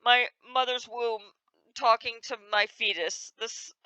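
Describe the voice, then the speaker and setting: A woman's voice: a little high, steady tone, slow pace, bright, forceful tone, clear, resonant tone, no echo, rough recording. A young woman playing a video game, commenting expressively and in exasperation, often breaking into laughter. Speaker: gamer. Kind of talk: let's play commentary.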